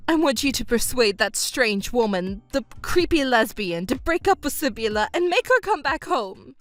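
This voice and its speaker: Woman voicing a shrill self-pitying stepmother. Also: sing-song, moderate pace, soft background music. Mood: desperate. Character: selfish whiny middle-aged stepmother. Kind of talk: texting story narration.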